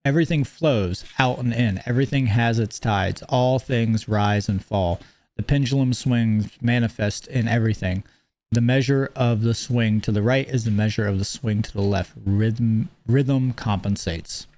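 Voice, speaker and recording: Male lecturer, mid-pitched, measured and explanatory. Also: a little mellow. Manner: explanatory, measured, reads principles aloud then comments. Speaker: teacher. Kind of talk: lecture on esoteric teachings.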